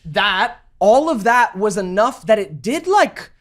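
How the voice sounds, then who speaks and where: A podcast co-host in casual chat, reacting quickly and telling a story with swearing. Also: medium pitch, very animated.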